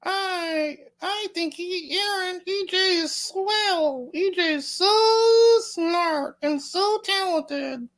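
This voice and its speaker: A man voicing a sweet, gushing young woman co-host in a high falsetto, slow and sing-song. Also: a bit bright, exaggerated voice.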